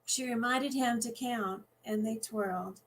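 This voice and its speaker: Author reading, woman, conversational and halting, higher voice, faint hum in the background. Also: low-quality recording. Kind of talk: reading from her novel at a book event.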